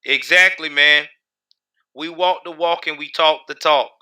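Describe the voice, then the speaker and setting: Male livestream host, heated and profane, sharp bright high voice. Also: steady tone, a little slow. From United States. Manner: heated, profane, talks back to chat. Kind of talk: casual live-stream commentary.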